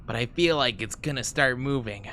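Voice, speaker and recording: A giggly streamer talks through a game with an even, middling voice. They laugh at their own slip-ups and thank chat as they go. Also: mid-range voice, moderate pace, slight background noise. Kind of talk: casual gameplay commentary.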